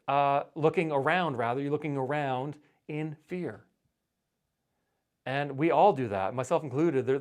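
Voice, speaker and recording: Middle-aged male pastor, mid-pitched voice, earnest and chatty sermon delivery. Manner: conversational, earnest, with frequent restarts.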